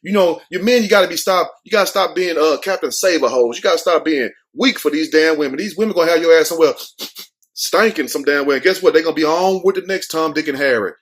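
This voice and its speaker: A young man riffs on a news story for his commentary show, rowdy and mocking, with heavy street slang. He breaks into quoted voices as he goes. His voice sits a touch higher than most men's. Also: fast talker.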